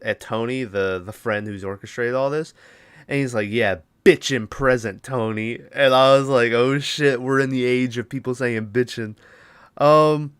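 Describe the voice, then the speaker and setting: A man's voice: medium pitch, a bit bright, clean tone, dry recording. A man hosting a podcast, casually recapping a movie in a rambling, profane way and briefly acting out the characters' lines. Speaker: podcast host.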